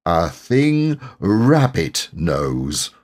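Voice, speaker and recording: A man's voice: deep voice, sing-song, darkish tone, full character voice. A man doing Eeyore, a gloomy old donkey. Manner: slow, heavy, solemn drawl. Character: gloomy old male donkey, slow and scornful.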